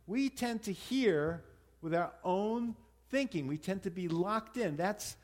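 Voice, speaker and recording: A man leader delivering a conversational sermon to his congregation, pausing and restarting as he explains and applies a teaching. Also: high voice, expressive, darkish tone. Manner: conversational preaching with pauses and restarts.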